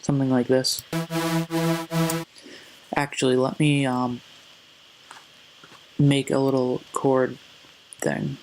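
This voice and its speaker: A man giving a casual music production tutorial, relaxed and hesitant, often correcting himself as he goes. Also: mid-range voice, slow, long pauses, rough recording. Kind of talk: casual screen-recorded tutorial. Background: faint synth sounds.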